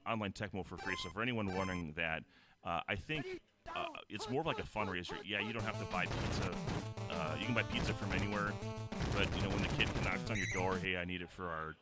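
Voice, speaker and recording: A man's voice: quick pace, loud music behind the voice. A man running a video game tournament stream and calling the plays in a casual, rambling way. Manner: rambling and self-correcting, gets loud and high on big plays. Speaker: tournament organizer and play-by-play commentator.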